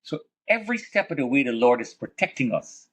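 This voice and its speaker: A man's voice: mid-range voice, sing-song, fairly quick, slight background noise. A man recounting his own survival story in a vivid, dramatic way, with religious conviction. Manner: vivid, dramatic retelling that swings between hushed and loud. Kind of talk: emotional first-person storytelling.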